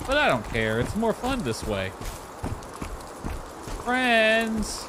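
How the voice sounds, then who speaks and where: Pitch swooping wildly around a mid-range voice, a male streamer narrates his gameplay live at a moderate pace. The setting is noisy, and he keeps up a playful self-directed chatter, with teasing call-outs and occasional mock-sorrowful singing.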